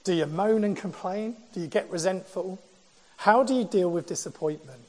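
A man preaching a sermon, asking rhetorical questions and working through the passage in a measured way. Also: high-pitched, long reverb tail. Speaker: pastor.

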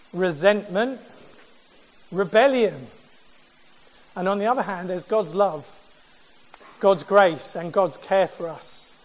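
Guy preaching a sermon, pretty high voice, long echo like a big church hall. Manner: measured preaching with rhetorical questions. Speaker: pastor.

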